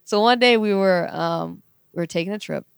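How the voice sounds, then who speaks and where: A young-sounding woman, telling a story as a podcast guest, animated and laughing often. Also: moderate pace, vocal fry, smooth, no room sound, clean studio sound. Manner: animated, laughing, quotes herself in a higher voice. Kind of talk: casual storytelling.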